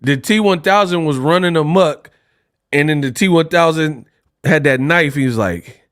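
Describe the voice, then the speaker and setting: A man's voice: fairly high pitch, moderate pace, fairly bright tone, dry recording, clean studio sound. A young man hosting a casual boxing livestream, joking around and laughing often. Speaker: livestream host.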